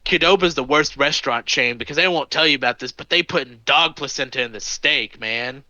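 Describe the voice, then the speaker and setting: A man voicing a rambling, drug-addled male customer in a spoken anecdote, slightly higher than his own voice. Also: a little fast, pushed and bright, dry recording, dull audio. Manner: rambling conspiracy talk.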